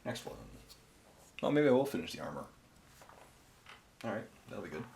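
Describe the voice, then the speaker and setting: Tired man chatting with a low voice. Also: very animated, normal speed, creaky, a little mellow, a little hiss or hum. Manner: rambling, offhand, self-amused. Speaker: painting channel host. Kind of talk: casual chat while painting miniatures. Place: home, near a garage. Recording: roomy echo.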